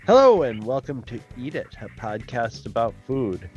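A man hosting a comedy food podcast, talking in a relaxed, rambling way. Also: mid-range voice, normal speed, hardly any pauses, highs cut off, faint music behind. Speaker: podcast host. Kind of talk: comedic casual chat.

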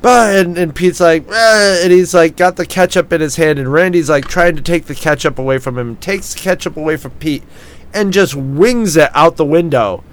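A man's voice: on the high side, normal speed. A man casually telling a drunken story on a podcast, swearing often, laughing and acting out what people said.

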